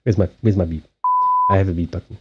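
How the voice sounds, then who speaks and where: A man with a Southern African accent, a native Portuguese speaker, hosting a casual livestream chat, animated and freely swearing. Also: low voice, quick pace, muffled recording, noisy background. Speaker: card reader and livestream host. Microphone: USB headset mic.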